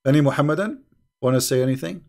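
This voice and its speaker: A middle-aged man delivers polemical livestream commentary fast, in a fairly high voice with vocal fry and a darkish tone. He hosts the debate combatively, mocking and repeating points for force.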